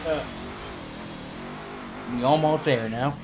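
A man's voice: fairly high pitch, slow pace. A man hosting and recording a gaming session, chatting playfully with friends. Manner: playful, animated, goofy outbursts. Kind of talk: casual gaming chat. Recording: noisy voice chat recording.

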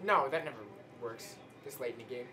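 A young man playing a football video game with a friend, trading jokes and swearing loudly when plays go wrong. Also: mid-range voice, animated, a little fast. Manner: loud, swearing outbursts at the game. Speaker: gamer co-host. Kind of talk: casual gameplay banter.

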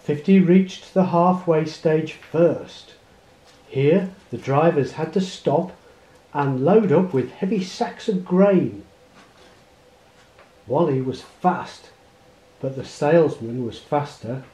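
Male read-aloud narrator, unhurried and lilting, echoey room. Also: on the high side. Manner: expressive read-aloud storytelling. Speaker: storybook reader. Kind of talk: reading a children's picture book aloud. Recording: roomy echo.

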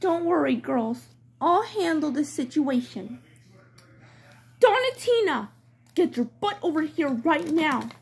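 Brief: woman voicing a firm mom doll, high but lower than kids, slow. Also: sing-song, creaky, full character voice. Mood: stern. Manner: firm, scolding. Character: stern mother doll, adult woman. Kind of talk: toy play storytelling.

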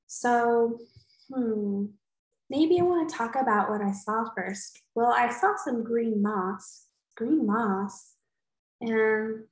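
A woman's voice: fairly high pitch, roomy sound, low-quality recording. A woman teacher giving a writing lesson for young children, thinking aloud in a coaxing way as she works.

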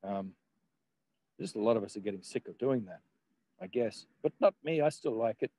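A man's voice: fairly low pitch, animated, normal speed, dark tone, poor audio. A man, a guest in casual conversation, rambling with laughs and the odd swear word.

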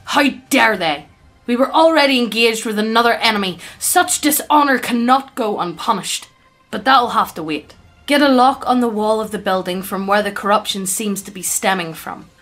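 Bright-voiced woman reading stories aloud. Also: a little high, moderate pace. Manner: casual, stumbles on names. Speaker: reader.

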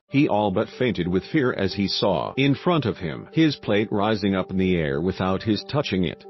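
A man reading a story aloud in a steady, even scripted narration. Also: low-pitched, normal speed, hardly any pauses. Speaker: audiobook narrator. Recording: dull lo-fi with faint music.

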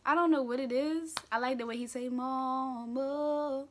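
A woman's voice: high voice, fast talker, noisy background. A young woman, hosting her own casual talk show from home in a playful, opinionated, slangy way. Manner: chatty, playful and opinionated, with slang and filler words. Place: room at home.

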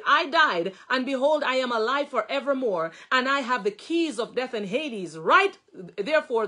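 A woman minister delivering a sermon, her voice high and bright. She reads scripture aloud and works through it, repeating phrases for emphasis and breaking into fervent exclamations of praise. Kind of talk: sermon, reading and explaining scripture.

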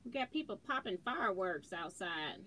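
A woman's voice: mid-range voice, big pitch swings, normal speed, bright, forceful tone, a little hiss or hum. A woman hosting a quilting livestream from home, chatting casually and greeting viewers by name as she reads their comments on a phone. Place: indoors at home, fireworks outside.

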